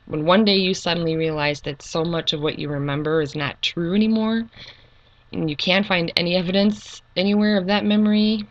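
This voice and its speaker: Soft-spoken woman with a gravelly low voice. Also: muffled recording. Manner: soft-spoken and earnest, with hesitant ums. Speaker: YouTube channel creator. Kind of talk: personal reflective monologue.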